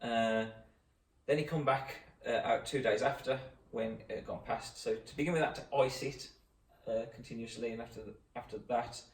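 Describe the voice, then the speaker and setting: A man's voice: medium pitch, steady tone, moderate pace. A man, the host of a fitness channel, chatting casually about an injury. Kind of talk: casual chat. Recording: echoey room, mic at a distance.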